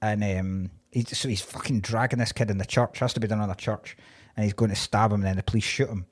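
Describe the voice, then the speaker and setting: A man's voice: lowish voice, fairly even intonation, quick pace. A man co-hosting a comedy podcast, casually retelling a film plot with plenty of swearing. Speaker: podcast co-host.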